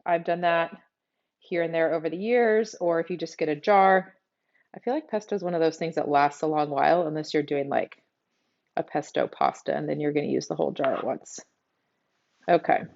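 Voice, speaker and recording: A middle-aged woman with a Texas twang hosts a live cooking demo from her home kitchen, talking straight to her viewers in a chatty way. Her voice sits a little low. The stream audio is a bit dull and lo-fi. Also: moderate pace, creaky, a little mellow. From South Texas. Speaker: cooking show host.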